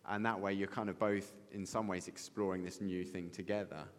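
A man's voice: low-pitched, level tone, brisk. A man interviewing a guest on stage and leading a church gathering, affirming and reflective, recorded in a large reverberant hall.

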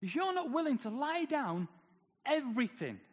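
A man's voice: very high voice, very animated, normal speed, muffled recording. A man preaching a sermon, firing off rhetorical questions with wry humor. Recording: long hall reverb.

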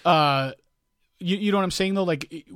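A man's voice: sits high, moderate pace, fairly bright tone, clear, resonant tone, dry recording, studio quality. A man co-hosting a podcast in casual chat, rambling and often restarting his sentences while he hunts for words. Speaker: podcast co-host.

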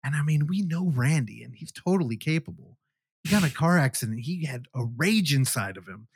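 A man's voice: fairly high pitch, animated, brisk, husky, no echo, clean studio sound. A man hosting a podcast, animatedly retelling a movie in casual chat and swearing freely. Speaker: podcast host. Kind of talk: casual film review chat.

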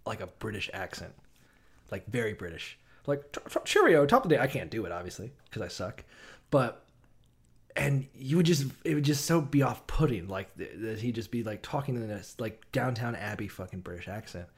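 A man's voice: fairly low pitch, normal speed, slightly rough. A man co-hosting a casual comedic chat, swearing often and jumping into goofy voices.

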